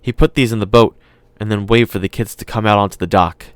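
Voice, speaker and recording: A man reading an audiobook aloud in calm, measured scripted narration. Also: fairly low pitch, smooth, no echo.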